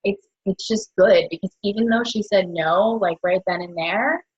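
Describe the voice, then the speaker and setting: A woman's voice: mid-range voice, moderate pace, slightly rough, muffled recording. A woman talking casually about her business, chatty and full of fillers, often breaking into laughter. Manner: chatty, filler-heavy, self-correcting. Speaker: network marketer.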